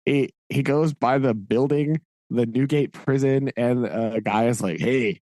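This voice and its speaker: A man co-hosts a podcast, casually recapping a book in a rambling way, laughing often and saying "like" a lot. His voice is mid-range, dark, and a little slow, recorded with no room sound.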